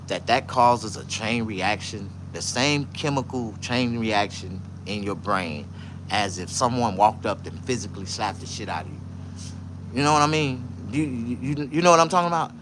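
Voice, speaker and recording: A man telling stories in a casual livestream, loud, profane and boisterous. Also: mid-range voice, moderate pace, slight background noise. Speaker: vlogger.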